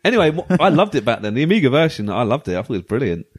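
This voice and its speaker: A man co-hosting a podcast, telling a story in casual chat. He talks quickly and rambles, laughing often. His pitch swings widely as he speaks. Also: big pitch swings, husky. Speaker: podcast co-host.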